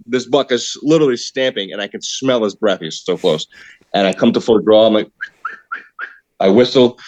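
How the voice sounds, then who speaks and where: A man excitedly telling a hunting story in casual podcast chat, saying "dude" a lot. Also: fairly low pitch, no room sound, lo-fi sound. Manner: excited, animated retelling with repeated "dude". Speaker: podcast guest, hunter.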